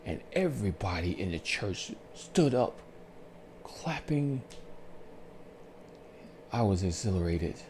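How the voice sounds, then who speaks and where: A man calmly telling his life story on his own channel, in a soothing, unhurried way with pauses. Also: sits low, noisy background. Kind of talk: slow reflective storytelling.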